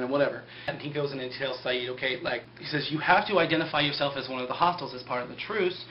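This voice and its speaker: A man's voice: a little high, fast, hardly any pauses. A young man casually recapping a TV episode in a sarcastic, rambling way, full of "like". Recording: muffled lo-fi with faint hiss.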